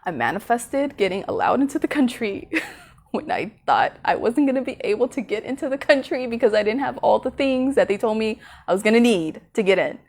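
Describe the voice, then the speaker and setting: Chatty woman vlogger, slightly high voice. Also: fairly quick. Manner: chatty, animated, laughs often mid-sentence; heavy use of "like" and "you know" as fillers. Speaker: vlogger on manifesting. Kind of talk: casual storytelling to camera.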